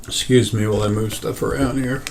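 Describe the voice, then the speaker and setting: A man's voice: mid-range voice, steady tone, fairly quick, background noise. A man hosting a casual metaphysical talk, rambling with many fillers and restarts. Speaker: host.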